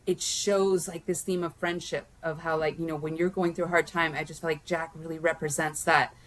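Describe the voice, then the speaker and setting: Woman discussing a movie in a relaxed home chat, low-pitched, meandering delivery. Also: fairly quick. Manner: rambling, many restarts and fillers, warm laughs. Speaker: guest, host's mother. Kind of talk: casual film review chat.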